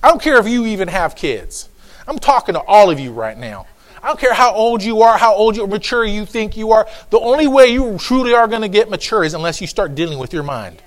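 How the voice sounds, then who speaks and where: A pastor preaching a sermon, emphatic and repetitive, folksy with joking asides, swinging from low asides to shouts. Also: male voice, lively intonation, a little fast.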